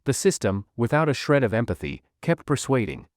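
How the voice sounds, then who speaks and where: A man's voice: medium pitch, very animated, a little fast, no room sound, clean studio sound. A man narrating a recap of a web comic in a dramatic storytelling manner.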